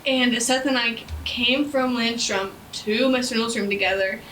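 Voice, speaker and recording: A woman's voice: on the high side, moderate pace, fairly bright tone, far from the mic, a little hiss or hum, low-quality recording. A teenage girl co-hosting a student podcast, telling stories in casual chat and acting out the lines she quotes with lots of giggles. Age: teens.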